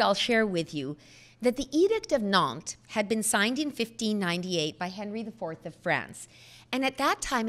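A middle-aged woman delivering a prepared speech at a podium microphone, earnest and measured, with emphatic pauses. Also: on the high side. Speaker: speaker at a foundation event.

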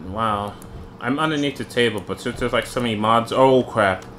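A young man talks through a video game with a friend, chatty and quick to yelp when something jumps him. His voice sits at an ordinary pitch. Faint noise hums under the recording. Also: fairly bright tone. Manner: chatty, easily startled, joking. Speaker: gamer. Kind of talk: casual gameplay chat.

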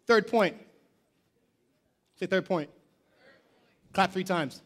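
A male pastor preaching a lively sermon in a church, shouting call-and-response lines and dropping slangy jokes and asides. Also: high-pitched, takes it slowly. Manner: casual slangy asides and joking. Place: church sanctuary.

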